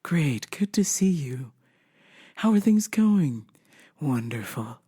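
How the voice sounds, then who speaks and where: A woman voicing an eerily polite, robotic churchgoer who repeats slow, stiff stock greetings. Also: low-pitched, big pitch swings, mellow, breathy edge, exaggerated voice. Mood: robotic politeness.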